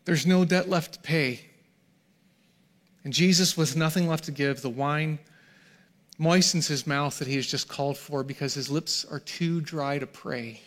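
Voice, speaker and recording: A middle-aged male pastor preaching a sermon to a congregation in a church hall, swinging from hushed, near-whispered lines to shouted peaks. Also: a little high, a little slow.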